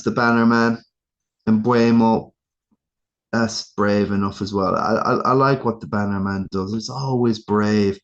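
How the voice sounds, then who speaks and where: An Irish man hosting a casual fantasy football review, rambling and ranting in exasperated asides. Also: fairly low pitch. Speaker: fantasy football league host. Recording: dull lo-fi sound.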